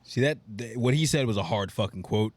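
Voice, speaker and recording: A young man chatting on a podcast at a middle pitch, with a dry, close sound. He swears freely and laughs often. He acts out quoted lines in little voices. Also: a little fast, darkish tone, dry recording. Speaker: podcast co-host. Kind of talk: casual chat.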